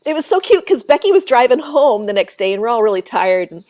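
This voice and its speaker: A woman with a slightly high voice tells a spooky tale in a relaxed interview. She is animated, acts out the quoted voices and laughs often. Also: fast. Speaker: author and paranormal researcher, guest. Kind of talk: casual storytelling interview.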